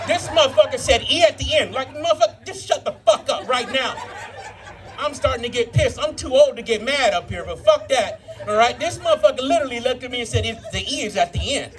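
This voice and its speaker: A man's voice: very high voice, fairly quick, a little hiss or hum. A man in his fifties doing a live stand-up set, telling profane stories and working the crowd. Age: 50s. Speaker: stand-up comedian. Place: live brew pub comedy show.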